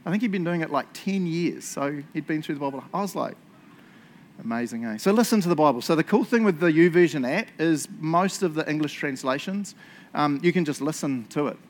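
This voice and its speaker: A man preaching a casual sermon, telling stories in an excitable, chatty way and laughing along. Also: fairly high pitch, brisk.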